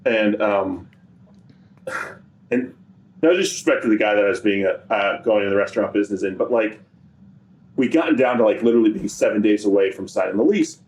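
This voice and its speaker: A man appearing as a podcast guest, talking about his work in a relaxed, rambling way full of fillers. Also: fairly low pitch, brisk, pauses often. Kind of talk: casual chat.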